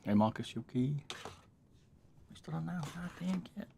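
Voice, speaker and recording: A man streaming a keyboard build in a casual, relaxed way, muttering asides to himself and chatting to his cat between steps. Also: on the high side, moderate pace, gravelly, a little hiss or hum. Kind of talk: casual livestream chat while building a keyboard.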